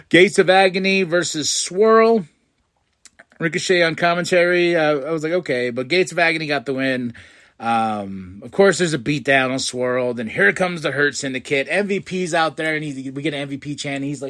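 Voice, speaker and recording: A man hosting a podcast, giving an excitable casual recap of a show and acting out what people said in loud bursts. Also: a little high, unhurried. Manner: excitable, acts out quotes with loud outbursts. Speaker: podcast host.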